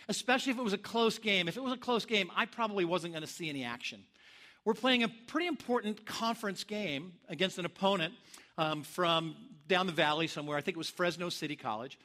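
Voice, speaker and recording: Animated, bright-voiced male preacher. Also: high voice. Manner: animated storyteller, acts out shouts and quotes. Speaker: pastor. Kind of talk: sermon with storytelling.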